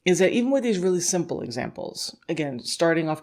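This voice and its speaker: This scent work instructor has a lowish, darkish voice with a quick, sing-song delivery. Hosting her dog-training podcast, she keeps things conversational and laughs a lot, dropping "like" and "you know" as she imitates a dog's thoughts in little quoted voices.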